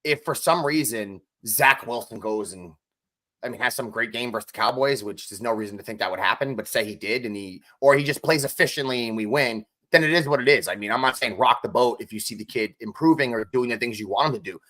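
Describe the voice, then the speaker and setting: Man, podcast co-host, bright forceful voice, animated sports chat. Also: mid-range voice, quick pace. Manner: animated, addresses co-host by name often.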